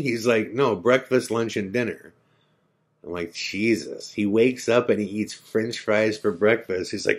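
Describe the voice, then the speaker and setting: A middle-aged man hosting a podcast, telling a story in a lively way and acting out the people he quotes. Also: on the low side, measured pace. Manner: animated storyteller, acts out quoted dialogue. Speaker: podcast host.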